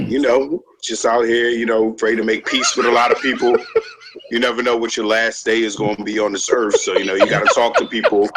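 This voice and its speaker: A man's voice: medium pitch, steady tone, fairly quick, a bit bright, a little hiss or hum, poor audio. A man joining a casual podcast chat, easygoing and jokey. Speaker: podcast panelist.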